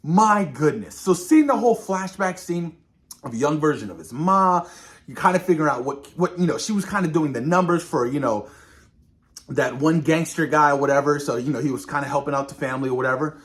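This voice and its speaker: A man hosting a reaction video, reviewing a TV episode in a casual, excited way, often calling out to viewers and acting out characters' lines. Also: fairly high pitch, a little fast. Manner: animated, addresses viewers as "you guys", acts out characters' lines.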